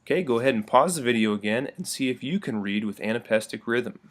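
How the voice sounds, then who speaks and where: A man's voice: mid-range voice, expressive. Friendly man teaching a video lesson. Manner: slow, deliberate stressed reading of verse.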